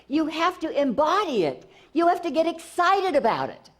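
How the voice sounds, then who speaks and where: Lively, enthusiastic woman spiritual teacher. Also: high voice, normal speed. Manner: enthusiastic, repetitive, restarts often. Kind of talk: inspirational talk.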